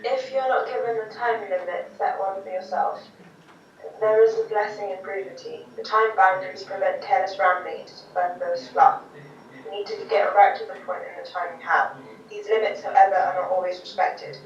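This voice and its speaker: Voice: medium pitch, fairly even intonation, normal speed, a little hiss or hum. Student reading aloud in a far-off echoey room. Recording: dull, echoey, distant room recording.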